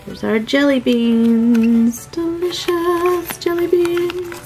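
A woman's voice: extremely high pitch, flat delivery, extremely slow, over music, low-quality recording. A woman narrating a toy unboxing in a sweet, gushing, sing-song way.

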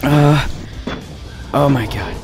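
A man doing let's play commentary of a horror game from his home studio, breaking into panicky screams and loud swearing. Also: medium pitch, extremely slow. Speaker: gaming YouTuber. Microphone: desk mic, no webcam. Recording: game music playing behind. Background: game music.

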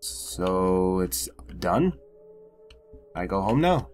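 A man's voice: deep voice, big pitch swings, drawn-out words, noisy background. A man giving casual, wry commentary while playing a video game. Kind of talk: let's play commentary.

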